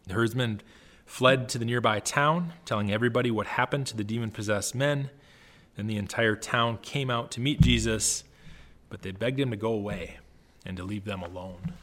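A man's voice: medium pitch, a bit bright. A man giving a casual, conversational Bible teaching to young adults, reading scripture aloud with emphasis between his own remarks.

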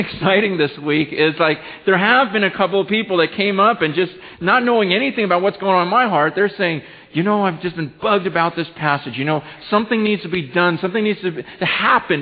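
A man preaching a sermon as pastor, excited and stammering, swinging between fired-up and hushed. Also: fairly high pitch. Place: church sanctuary. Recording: long hall reverb over a tinny phone-like line.

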